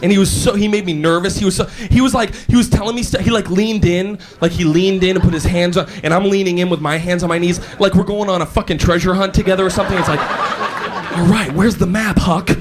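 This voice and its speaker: Hyper high-voiced male stand-up comic. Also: quick pace, hardly any pauses, noisy background. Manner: animated, hyper, bursts into shouting while acting out scenes. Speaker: stand-up comedian. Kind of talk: stand-up comedy. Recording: live show with crowd laughter.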